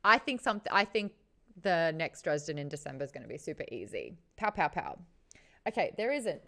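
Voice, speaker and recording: A young woman with an Australian accent, hosting a book club livestream in chatty, offhand talk full of quick asides. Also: low voice, very animated, pushed and bright. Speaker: host of a book club stream. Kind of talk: casual livestream chat.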